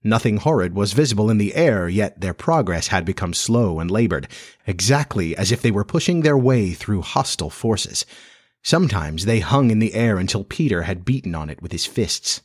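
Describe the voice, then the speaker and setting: A man reading a storybook aloud as narrator, with measured, even storytelling. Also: lowish voice, slightly rough. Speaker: audiobook narrator.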